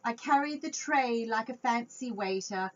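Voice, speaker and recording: A woman reading a picture book aloud to young children, expressive and chatty with her listeners. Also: on the high side, unhurried. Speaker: children's storytime reader. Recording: dull lo-fi home recording.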